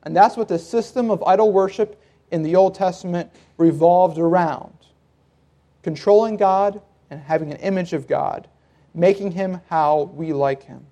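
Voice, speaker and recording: A man's voice: high-pitched, moderate pace, mellow. A man preaching a sermon in a conversational teaching style, laughing now and then. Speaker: pastor.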